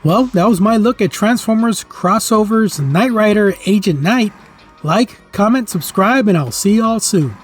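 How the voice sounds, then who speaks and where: A middle-aged man narrating a scripted toy review with earnest, nostalgic enthusiasm. His voice is somewhat husky and sits a little high for a man. Faint music plays underneath. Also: animated, a little slow. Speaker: toy reviewer, channel host.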